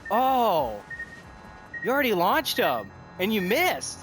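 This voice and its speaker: A fairly high-voiced man talks his way through a tense match, breathless and excitable, cheering and groaning at the screen. Faint game music plays behind him. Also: takes it slowly. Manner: excitable, laughs often, talks to himself and the game. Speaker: gaming streamer. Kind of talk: casual gameplay commentary.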